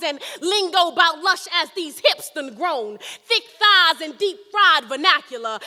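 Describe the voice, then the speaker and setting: A woman's voice: very high voice, pushed and bright. A woman performing a spoken word poem with a rhythmic, emphatic delivery, recorded in an echoey hall. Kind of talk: slam poetry performance.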